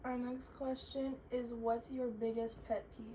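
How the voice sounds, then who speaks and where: A woman's voice: fairly high pitch, little pitch movement, a little slow, dark tone, a little hiss or hum. A young woman answering viewer questions in casual chat, chatty and full of "like" fillers. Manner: chatty, filler-heavy with frequent "like".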